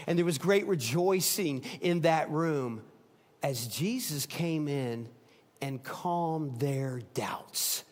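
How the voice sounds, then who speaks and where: A man preaching a sermon as pastor, retelling stories with swings between loud emphatic lines and soft hushed ones. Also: fairly high pitch, slow pace, big-room sound.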